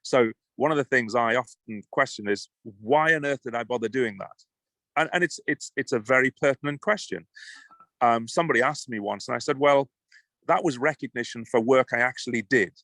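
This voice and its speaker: A man's voice: medium pitch, fairly quick, fairly bright tone, dry recording. A British man speaking as a guest, emphatic and passionate, often restarting his sentences. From United Kingdom. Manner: emphatic, passionate, repeats words when starting. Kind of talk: conversational interview.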